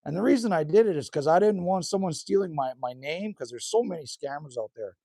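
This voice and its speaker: A middle-aged Canadian man with a folksy, chatty delivery, tacking on "hey?" and "man" as he talks with his live chat. His voice sits a bit high and swings widely in pitch, a little hoarse, and the sound is close and dry with no room echo. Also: lively intonation, brisk, warm tone. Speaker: livestream host reading chat. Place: rural cabin indoors.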